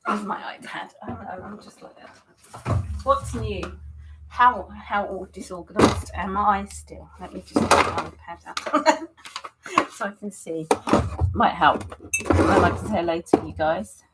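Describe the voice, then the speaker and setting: A woman's voice: medium pitch, unhurried, heavy background noise. A woman chatting casually with viewers on a live stream while setting up to paint, talking in a scattered way, greeting people by name and laughing often. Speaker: artist hosting a live stream.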